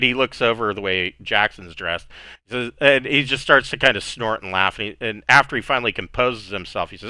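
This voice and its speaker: A man narrating a tabletop game as game master, in a relaxed, rambling way with many fillers. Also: mid-range voice, normal speed, clean tone, no room sound.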